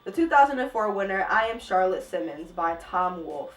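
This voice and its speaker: A woman's voice: mid-range voice, expressive, moderate pace, recorded from a distance. A young woman reacting to book passages in a vlog, with exasperated, incredulous commentary. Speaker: book vlogger. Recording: echoey room, a little off-mic.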